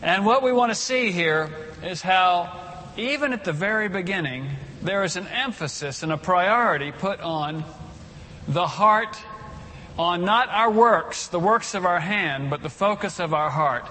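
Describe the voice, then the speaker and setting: A man's voice: sits high, animated, measured pace, sharp tone, big-room sound, a little hiss or hum. A man giving a sermon as pastor in a conversational way, leading the congregation in reciting scripture aloud.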